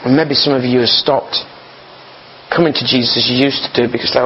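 A man's voice: mid-range voice, steady tone, fairly quick, a little hiss or hum. A man preaching an informal sermon in an earnest, conversational way, often repeating his words as he goes. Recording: slightly dull, muffled recording.

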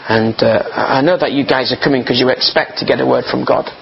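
A man's voice: mid-range voice, fairly even intonation, brisk, gravelly, a little hiss or hum. A man preaching an informal sermon in an earnest, conversational way, often repeating his words as he goes. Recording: slightly dull, muffled recording.

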